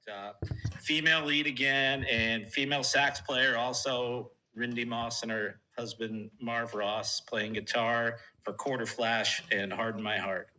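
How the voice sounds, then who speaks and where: A man on a played radio clip, chatting about an old song in a relaxed, rambling way. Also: mid-range voice, measured pace, slight background noise, poor audio. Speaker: radio show host. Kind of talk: music radio chat.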